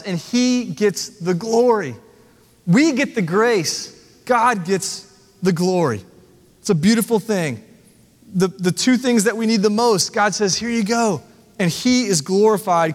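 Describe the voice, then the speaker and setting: A man's voice: high-pitched, long reverb tail. A man preaching a sermon as the pastor, earnest and conversational, asking the congregation rhetorical questions. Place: church sanctuary.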